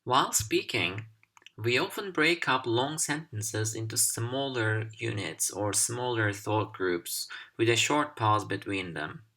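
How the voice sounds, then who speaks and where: Slow, deliberate male English teacher. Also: lowish voice, sharp tone. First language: Turkish. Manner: slow, deliberate and clearly articulated. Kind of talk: instructional video lesson.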